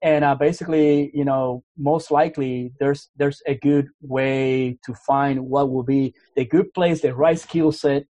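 A man's voice: mid-range voice, steady tone, a little slow, few pauses, mellow, no room sound. A man with a Canadian accent, a guest in a casual interview, talking earnestly and restarting his words often. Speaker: guest, army officer.

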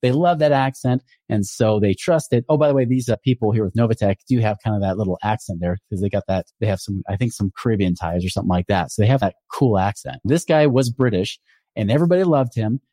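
A man's voice: lowish voice, quick pace, dark tone, no room sound. A man giving a casual, skeptical explainer monologue about finance, talking in a conversational way with many asides. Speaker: financial commentator.

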